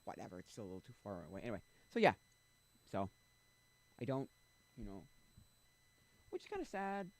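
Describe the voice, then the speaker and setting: A man chats on a casual livestream from his home setup, rambling through restarts and asides. He is blunt and loose with his words. His pitch swings lively up and down as he talks. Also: brisk, long pauses, poor audio. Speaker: streamer.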